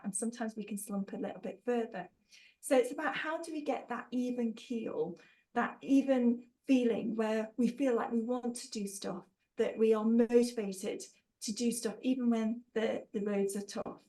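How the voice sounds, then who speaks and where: A woman's voice: on the high side, darkish tone, rough recording. A woman leading an online training webinar, upbeat and jokey, reading out participants' answers and praising them. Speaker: workshop trainer.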